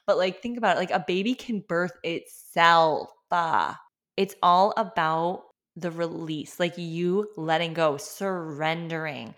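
Chatty woman telling her own story, lively, lots of likes and fillers. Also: fairly low pitch, measured pace. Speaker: podcast host. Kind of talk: personal storytelling.

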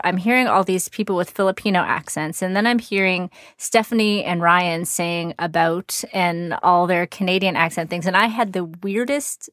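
A woman's voice: fairly low pitch, a bit bright, dry recording, clean studio sound. Chatty woman podcast host, mild Texan accent. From Texas, USA. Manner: chatty, upbeat, frequent fillers and restarts. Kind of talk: casual podcast interview.

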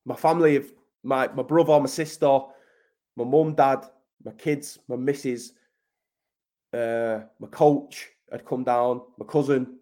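A man's voice: mid-range voice, steady tone, a little slow, dark tone. A man from Manchester, telling a story as a podcast guest in blunt, sweary talk, calling the host mate. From Manchester, England. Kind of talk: casual storytelling.

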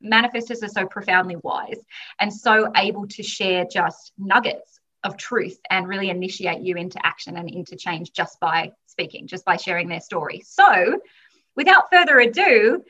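A woman's voice: medium pitch, normal speed, pushed and bright, muffled recording. A woman hosting a podcast interview, bubbly and effusive, often laughing. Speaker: podcast host.

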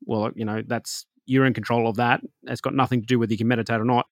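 A man talks one-on-one to his podcast audience about meditation, earnest and chatty, with a middle-pitched voice. He keeps checking in with the listener and works through everyday examples. The recording is close and very dry, with no room sound. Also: steady tone, fast talker, dry recording. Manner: conversational and earnest, often checking in with "right?". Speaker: podcast host teaching meditation and intuition. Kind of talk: solo podcast talk.

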